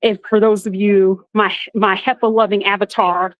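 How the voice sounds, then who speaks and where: A woman hosting a live walking vlog outdoors, telling a story in a lively, dramatic way while filming on a handheld phone. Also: moderate pace, dry recording, phone-quality sound. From Florida. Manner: animated, dramatic storytelling with big pitch jumps. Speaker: vlogger. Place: outdoors in a theme park.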